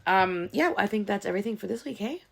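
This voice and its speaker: A woman co-hosting a casual true-crime podcast, chatty and quick to laugh. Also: mid-range voice, expressive, gravelly, husky. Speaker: podcast co-host. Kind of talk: casual chat.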